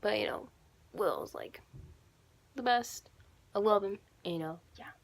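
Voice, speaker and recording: A woman's voice: medium pitch, slow pace, gravelly. A young woman in her teens rambling and gushing in a casual fan vlog, full of fillers and asides. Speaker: YouTuber.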